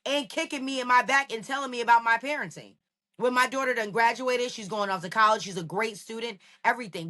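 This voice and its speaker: A woman in her thirties co-hosting a podcast, talking in an animated, emphatic way. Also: medium pitch. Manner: animated, emphatic, talks straight to people. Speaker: podcast co-host. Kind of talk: casual recap chat.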